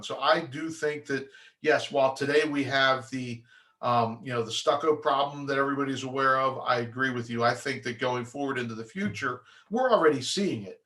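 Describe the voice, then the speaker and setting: A man working as an inspector explains mold testing in a practical, conversational way, his voice medium in pitch and a bit bright. His delivery is loose, full of fillers and restarts, and he keeps tossing in quick mimicked replies from the lab.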